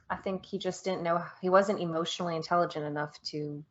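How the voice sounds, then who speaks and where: A chatty woman gives her thoughts in a casual podcast discussion, laughing often and pausing on um. Her voice sits a little low for a woman. The audio is dull and muffled. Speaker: podcast panelist.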